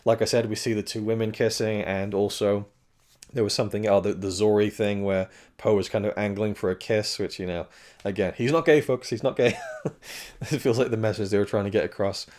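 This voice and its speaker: A man's voice: on the low side, level tone, a little fast, a little mellow. A man reviewing a film in casual talk. His voice is strained and cracking, and he rambles with frequent restarts and self-corrections.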